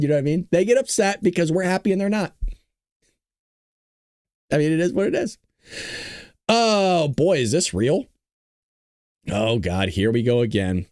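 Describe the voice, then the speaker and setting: Hyped-up, lively-pitched male show host. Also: no room sound. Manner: excitable, hyped up, laughs often, teasing. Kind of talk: casual political commentary livestream.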